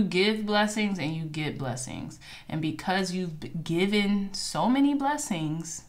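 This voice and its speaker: A woman's voice: fairly low pitch, lively intonation, measured pace, few pauses. A woman giving a casual, encouraging tarot reading to her viewers, reading card affirmations aloud with chatty asides. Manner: chatty with fillers and asides like "child" and "okay". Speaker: tarot reader.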